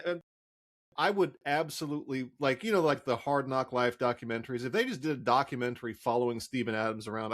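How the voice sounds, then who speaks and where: A man co-hosts a casual basketball podcast and tells stories in a loose, rambling way, full of fillers and restarts. His voice sits at an ordinary middle pitch. He gets animated when a story picks up. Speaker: podcast co-host. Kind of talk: casual chat.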